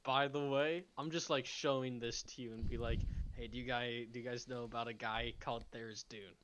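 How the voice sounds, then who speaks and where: A man taking part in a tabletop game as a player, chatting casually and halting often, restarting sentences and saying "like.". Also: medium pitch, steady tone, very noisy. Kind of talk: casual chat.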